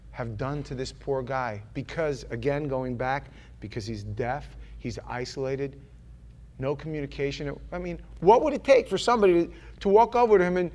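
A man preaching a sermon in a loose, conversational way, rambling with restarts and often dropping to a quiet murmur. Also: on the high side.

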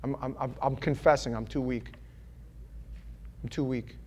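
A man preaching a sermon in a loose, conversational way, rambling with restarts and often dropping to a quiet murmur. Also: medium pitch, fairly even intonation, normal speed, slight background noise.

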